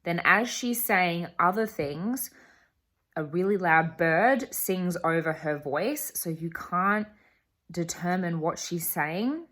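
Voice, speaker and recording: Slow-talking young woman vlogger. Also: on the low side, fairly bright tone. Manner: earnest, emphatic retelling. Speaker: travel vlogger. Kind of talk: vlog voice-over storytelling.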